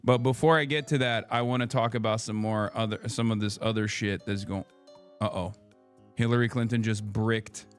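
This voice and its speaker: A man's voice: lowish voice, fairly even intonation, moderate pace, soft background music. A young man hosting a live political stream, casual and sarcastic, swearing often.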